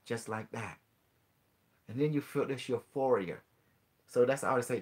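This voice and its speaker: A man hosting a call-in show, earnestly explaining ideas in halting, non-native English, with many restarts and rhetorical questions. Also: mid-range voice. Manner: earnest explaining, mixes in quoted dialogue with a device. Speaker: host.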